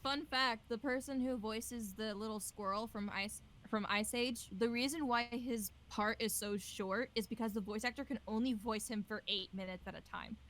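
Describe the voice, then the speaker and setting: A woman's voice: on the high side, moderate pace, hardly any pauses, a bit bright. A woman in a casual podcast chat who shares trivia in an amused, chatty way.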